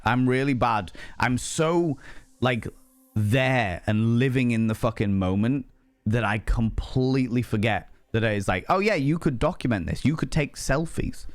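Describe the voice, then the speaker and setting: A young man chatting casually on a live stream, animated and swearing freely, jumping high in pitch for emphasis. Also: no echo.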